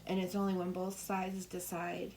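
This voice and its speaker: Middle-aged woman doing a psychic reading, lowish voice, rambly, drops to whispers, swears some, faint hiss behind. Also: monotone, normal speed, a little mellow. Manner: swears freely when relaying messages. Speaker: tarot reader. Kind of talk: psychic coffee-ground reading.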